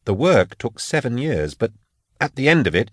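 A man's voice: on the low side, big pitch swings, moderate pace, no echo, clean studio sound. A man voicing a meek, frightened middle-aged male scholar in an audiobook, with a thin, reedy, nervous voice. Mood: defensive. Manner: nervous, pleading. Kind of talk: audiobook character voice.

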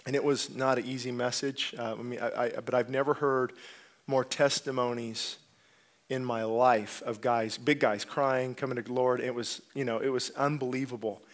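A man preaching an impassioned sermon as a pastor, rising to loud outbursts and dropping to low, intense stretches. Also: steady tone, moderate pace.

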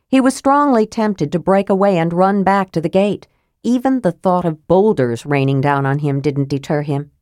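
A woman narrating a fantasy novel in a steady, even reading voice. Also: lowish voice, no room sound, studio quality. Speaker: audiobook narrator.

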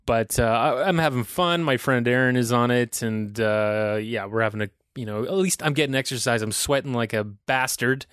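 A man's voice: mid-range voice, normal speed, hardly any pauses, fairly bright tone, smooth, dry recording, studio quality. A man in his thirties hosting a podcast, ranting in a rambling, profane and self-deprecating way. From Canada. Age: 30s. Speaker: podcast host. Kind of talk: casual solo podcast rant.

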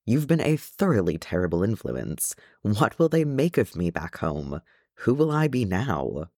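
A man voicing a fretful, tearful male hobbit gentleman who talks in a fussy, flustered, prim way. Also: lowish voice, very animated, unhurried, no echo, clean studio sound, full character voice.

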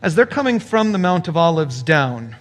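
Man, middle-aged pastor, sermon, lively swooping delivery, conversational asides. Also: a little high, moderate pace. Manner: conversational, explaining with rhetorical asides.

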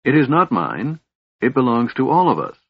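A man's voice: lowish voice, sing-song, a little fast, slightly rough, pitched above the performer's own voice. A man voicing a flustered, earnest young elf prince who answers defensively. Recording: dull, lo-fi audiobook recording.

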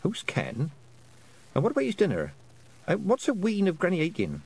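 A man voicing a brisk, sensible young country girl who asks firm, practical questions. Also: high voice, wildly swooping pitch, gravelly, darkish tone, slightly rough, pitched above the performer's own voice, exaggerated voice. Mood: puzzled. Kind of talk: audiobook character voice.

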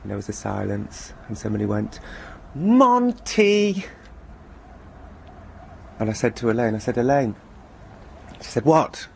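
A man presenting a radio programme, telling a first-person story in a dry, deadpan way. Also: lowish voice, racing, gravelly, few pauses, slight background noise.

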